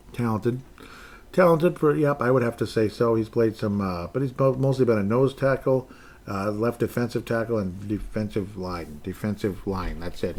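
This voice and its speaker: A man's voice: lowish voice, darkish tone. A man hosting a solo sports podcast, rambling and joking as he goes through player contracts, sometimes playing with his voice. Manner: rambling, jokey, plays with his voice. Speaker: podcast host.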